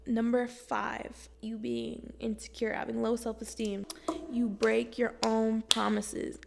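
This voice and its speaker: A young woman vlogging from home, giving casual self-help talk to camera in a blunt, slangy, profane and animated way. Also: on the high side, slow, creaky, slight background noise.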